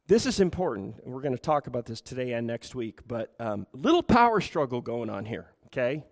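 A man's voice: medium pitch, very animated, a little fast, few pauses, darkish tone. A man preaching a sermon as pastor, asking the room rhetorical questions and acting out quoted voices. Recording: reverberant hall.

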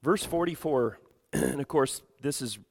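A middle-aged male pastor preaching a sermon, clearing his throat often from allergies. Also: medium pitch, a little slow, big-room sound. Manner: prays softly, then preaches louder with frequent throat clearing. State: congested from allergies.

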